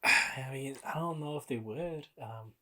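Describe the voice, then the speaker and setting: A man's voice: mid-range voice, a little slow, pushed and bright. A young man co-hosting a podcast, recapping a story in a laid-back casual way with lots of filler words. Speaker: podcast co-host. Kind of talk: casual chat.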